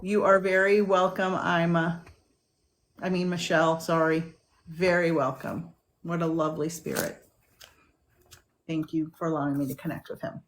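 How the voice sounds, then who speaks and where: A woman with a somewhat low voice hosts a mediumship live stream. She mixes kind thanks with firm, clear instructions to viewers. Faint background noise sits behind her. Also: steady tone, moderate pace, pauses often, poor audio.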